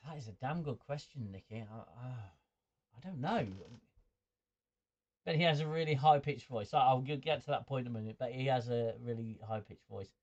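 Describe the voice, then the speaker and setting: A male livestream host reads viewer comments in a mid-range, slightly mellow voice at a moderate pace. He's chatty and stumbling, stammering and repeating words as he thinks, and chuckles often. The sound is muffled and lo-fi.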